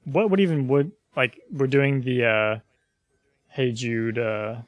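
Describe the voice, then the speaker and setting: Podcast co-host, male, unhurried and rambling, dry close sound. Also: medium pitch, steady tone, no echo, lo-fi sound. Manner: laid-back, rambling with fillers. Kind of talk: casual chat.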